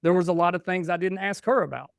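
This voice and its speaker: A man in his forties tells family stories on a podcast, slipping into the voices of the people he quotes. His voice sits a little high and sounds smooth. The recording is dry and close. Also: fast, no echo. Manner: animated, acts out dialogue in stories. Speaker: podcast guest. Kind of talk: casual storytelling chat.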